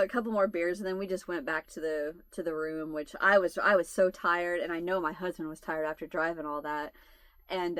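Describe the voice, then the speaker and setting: An American woman in her forties, a channel host with a lowish voice and sharp tone, tells her viewers a long, funny family story in casual chat. She laughs her way through it, and the audio has no echo.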